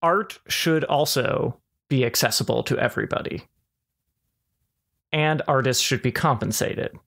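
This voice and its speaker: A man co-hosting a casual podcast chat, thinking aloud in halting sentences with many restarts. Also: mid-range voice, gravelly, a bit bright. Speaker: podcast co-host.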